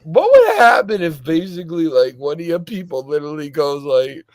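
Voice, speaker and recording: A man with a high voice hosts a casual talk show, telling stories animatedly and breaking into loud laughs. The sound is close and dry, with no room around it. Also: sing-song, brisk, hardly any pauses, no echo. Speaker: podcast host. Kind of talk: casual chat.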